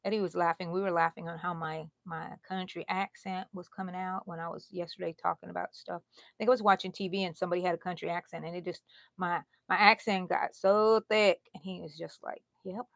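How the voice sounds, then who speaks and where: A woman's voice: on the low side, fairly even intonation, brisk, creaky, no echo. Chatty Texan woman on a dry mic. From Texas. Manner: chatty, laughs often, drifts into soft asides. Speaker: crochet channel host. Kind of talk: casual livestream chat while crocheting.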